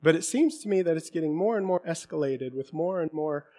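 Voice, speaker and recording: A man preaching a sermon to his congregation, swinging from quiet, candid talk to impassioned shouting. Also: on the high side, fairly quick. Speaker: pastor.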